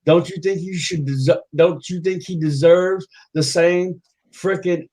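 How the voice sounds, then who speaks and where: Insistent lecturing man, higher voice. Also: fairly even intonation, unhurried, darkish tone, poor audio. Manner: lecturing, insistent, repeats himself. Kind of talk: heated livestream argument.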